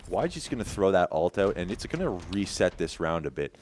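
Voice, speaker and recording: Very deep-voiced animated esports caster. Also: male voice, slight background noise. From Canada. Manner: rapid play-by-play, stammering restarts, bursts of laughter. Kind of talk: play-by-play commentary.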